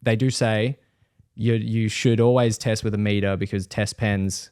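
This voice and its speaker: A man's voice: on the low side, steady tone, measured pace, a little mellow, clear, resonant tone, no room sound, clean studio sound. A young man hosting a podcast who tells a story in casual chat, swears freely and acts out the people in it. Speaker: podcast host.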